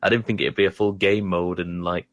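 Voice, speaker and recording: A man with a deep, low-pitched voice chats casually about video games. He rambles and stumbles over his words, often poking fun at himself, and sounds close and dry. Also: flat delivery, fairly bright tone, dry recording, muffled recording. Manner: rambling, halting, self-deprecating. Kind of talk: casual gaming chat.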